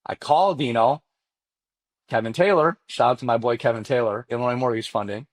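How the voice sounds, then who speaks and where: Animated storyteller man, non-native English. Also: fairly quick, no room sound. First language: not English. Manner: lively, acts out quoted dialogue with big pitch jumps; casual slang, addresses host directly. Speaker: podcast guest, mortgage loan officer. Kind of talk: animated storytelling in a podcast interview.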